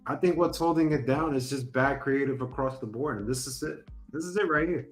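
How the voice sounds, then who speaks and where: A man's voice: medium pitch, brisk, soft background music. A man co-hosting a wrestling podcast, giving blunt, critical opinions and repeating his points. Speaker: podcast co-host. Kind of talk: casual chat.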